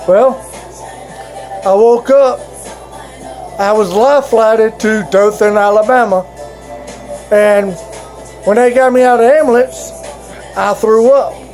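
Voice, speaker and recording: A man's voice: high-pitched, steady tone, darkish tone, soft background music, low-quality recording. A man telling his fellow vloggers a personal story in a casual, rambling way, stopping and restarting often. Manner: halting, rambling, with frequent restarts.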